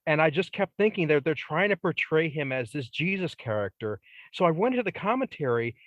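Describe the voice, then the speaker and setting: A man who is a podcast guest and independent filmmaker, chatting in a thoughtful, measured way. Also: a little high, sing-song, dry recording. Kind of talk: casual chat.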